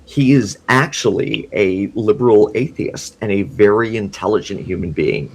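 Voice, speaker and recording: A man guesting on a podcast, rambling excitedly through a casual story and laughing often. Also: on the low side, moderate pace, gravelly, breathy edge.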